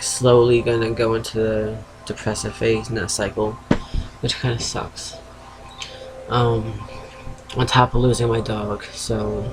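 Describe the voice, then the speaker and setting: Feverish and sedated, a thirtysomething vlogger rambles through a frank video diary at his computer at home, cursing offhandedly and cutting himself off mid-thought. He has a fading East Coast US accent and a medium-pitched voice, and the audio is poor.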